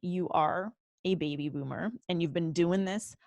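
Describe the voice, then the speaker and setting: A young adult woman hosting an interview, asking thoughtful, measured questions. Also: fairly low pitch, darkish tone, dry recording. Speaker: host.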